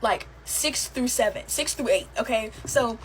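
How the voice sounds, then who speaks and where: A woman's voice: on the high side, a little slow, a little hiss or hum, poor audio. A young woman telling her own eerie stories in a casual, chatty way, with many fillers and laughs. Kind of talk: casual storytelling to camera.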